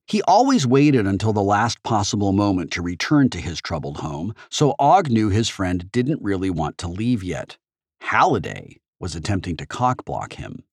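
A man narrating an audiobook in the first person with expressive storytelling. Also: lowish voice, moderate pace, breathy edge, no room sound, studio quality.

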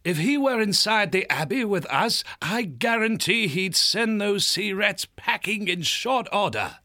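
A male narrator voicing an elderly, kindly abbot in an audiobook, gentle and fatherly as he reasons things through. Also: high voice, expressive, measured pace, pitched above the performer's own voice, heavily acted. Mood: thoughtful. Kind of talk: audiobook character voice.

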